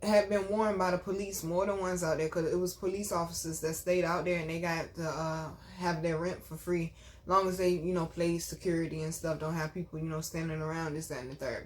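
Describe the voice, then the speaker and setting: A woman with a slightly low voice tells a story from her own life to her vlog audience. She is emphatic and chatty, and keeps breaking off to address her viewers directly. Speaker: vlog host telling a personal story. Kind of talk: casual storytelling.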